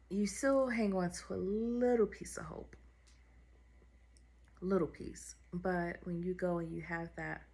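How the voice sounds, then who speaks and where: A woman's voice: low voice, gravelly. A woman vlogger telling a personal story in a candid, heartfelt, conversational way.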